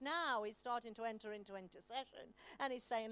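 A woman's voice: fairly high pitch, expressive, fairly quick, few pauses, fairly bright tone. A woman preaching a sermon, reading long scripture passages aloud and stopping to explain them to the congregation.

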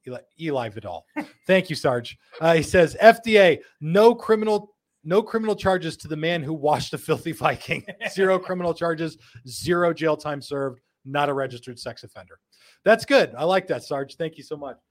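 A man hosting a live show, reading viewer comments one after another and riffing on each with jokes. His voice sits a bit high for a man, and he laughs often. He drops into quick put-on voices when he quotes someone. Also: animated. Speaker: host.

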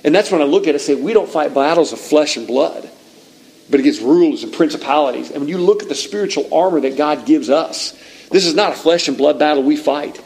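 A man preaching a sermon, retelling a scripture story in an animated, conversational way with frequent restarts. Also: fairly high pitch, brisk, gravelly, low-quality recording.

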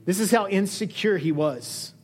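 A man preaching a sermon as a pastor, animated, acting out the dialogue he quotes. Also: normal speed, a little hiss or hum. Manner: lively, acts out quoted dialogue with shifting pitch. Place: church hall.

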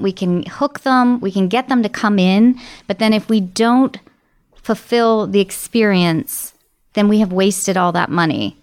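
A woman guest on a podcast, a marketing director telling stories in an earnest way. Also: lowish voice. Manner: storytelling, earnest. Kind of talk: interview conversation.

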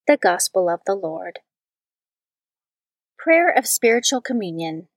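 A woman giving a measured, solemn reading of scripture and prayers. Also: on the low side, lively intonation, no echo. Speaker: scripture reader.

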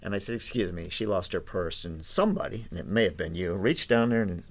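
A man's voice: sits low, brisk. A middle-aged man, a podcast host, telling casual rambling anecdotes with lots of restarts. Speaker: podcast host and tour guide. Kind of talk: casual storytelling.

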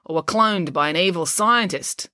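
A woman's voice: on the low side, moderate pace, pushed and bright, no echo, clean studio sound, voice pushed up. A woman voicing a cheeky young boy who teases in a storybook reading. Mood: teasing. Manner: cheeky, teasing.

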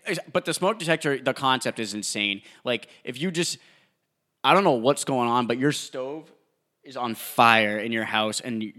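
A man's voice: mid-range voice, moderate pace, bright, forceful tone. A young man co-hosting a casual podcast, rambling through half-finished sentences and laughing often. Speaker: podcast co-host. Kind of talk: casual crude podcast banter.

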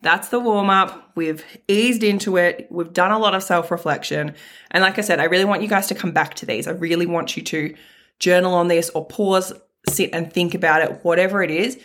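Steady and a bit bright, this woman's fairly low voice moves at a moderate pace as she hosts a motivational self-help podcast. She's frank and casual, swears mildly, and hammers home key phrases by repeating them.

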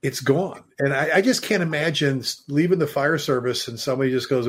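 A man's voice: fairly high pitch, brisk, hardly any pauses, fairly bright tone, husky. A middle-aged man, a fire chief and author, telling stories emphatically as a guest in a casual podcast talk, now and then swearing. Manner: storytelling, emphatic, mild swearing.

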